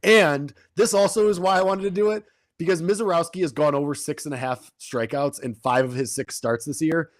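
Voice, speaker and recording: A man's voice: a little high, fairly even intonation, no room sound, studio quality. A man co-hosting a sports betting podcast, talking in a casual, rambling way with frequent restarts. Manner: talks fast with frequent restarts and fillers.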